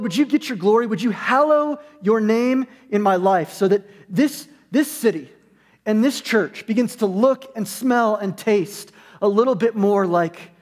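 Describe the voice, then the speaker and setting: A man's voice: high-pitched, a little mellow. A man preaching as a pastor in a sermon, conversational with humorous asides, in a church sanctuary. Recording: long hall reverb.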